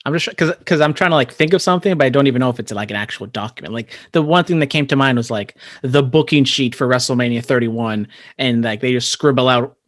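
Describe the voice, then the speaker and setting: A man from California co-hosting a casual podcast, measured and a little skeptical, pausing to find his words. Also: mid-range voice, a bit bright, no echo, studio quality. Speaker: podcast co-host.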